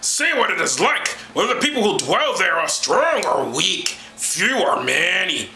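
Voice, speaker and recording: Guy doing a high-ish slow moses voice, mock-grand and preachy, echoey room w faint hiss. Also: sing-song, vocal fry, pushed and bright, full character voice. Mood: solemn commanding. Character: Moses, solemn biblical male prophet giving orders.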